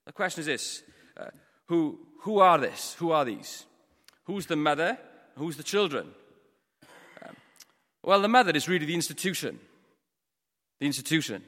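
A Welsh man giving a storytelling sermon, moving between hushed, quiet passages and loud, forceful ones. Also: on the high side, big pitch swings, normal speed, long pauses, big-room sound. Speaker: preacher. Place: church.

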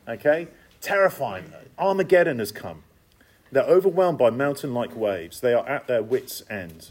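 A man's voice: medium pitch, moderate pace, breathy edge. A man preaching a sermon, emphatic and conversational, repeating key phrases and dropping in casual asides. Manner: lively, emphatic, repetitive cadence with conversational asides.

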